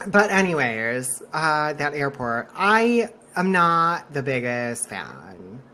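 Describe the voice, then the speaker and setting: Animated, cussing man co-hosting a podcast. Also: fairly high pitch, takes it slowly. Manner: animated, laughs often, swears freely. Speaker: podcast co-host. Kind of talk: casual podcast chat.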